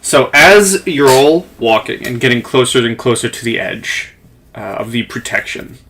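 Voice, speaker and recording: A game master calmly narrating a tabletop game to the players. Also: mid-range voice, normal speed, slight background noise.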